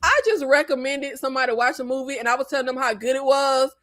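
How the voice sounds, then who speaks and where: Chatty high-voiced woman. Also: fast talker, fairly bright tone. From American South. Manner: chatty, laughs often, apologetic asides. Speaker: movie livestream host. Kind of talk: casual livestream chat.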